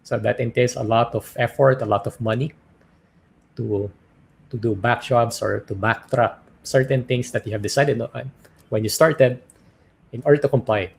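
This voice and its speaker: A man's voice: medium pitch, fairly even intonation, normal speed, gravelly, a little hiss or hum. A man with a Filipino accent presents at a startup conference, explaining step by step and often checking in with his listeners. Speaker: conference speaker. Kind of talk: business presentation.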